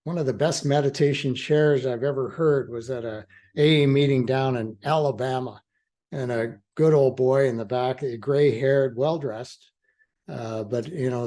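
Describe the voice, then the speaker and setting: An older man talks through his ideas in a relaxed interview. He is earnest and halting, circling back and restarting his sentences, and he laughs easily. His voice sits at an ordinary, middle pitch. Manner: halting, with frequent restarts and fillers. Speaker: guest, attorney in recovery. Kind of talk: reflective conversational interview.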